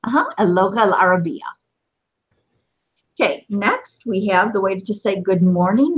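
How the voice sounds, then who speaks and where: A woman teaching a beginner Arabic lesson, patient and encouraging, repeating phrases slowly for her students. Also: mid-range voice, animated, muffled recording.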